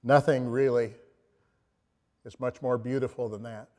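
A man's voice: medium pitch, fairly even intonation, mellow. Man preaching in a reverberant hall. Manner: reflective storytelling with pauses and restarts. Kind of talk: sermon.

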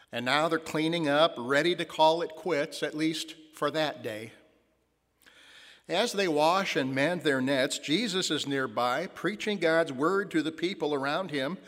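A pastor delivers a story-filled sermon in a fairly high man's voice, slowing down on the lines he wants to land. His words hang in a long reverb from the church around him. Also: a bit bright. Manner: storytelling, slows for emphasis.

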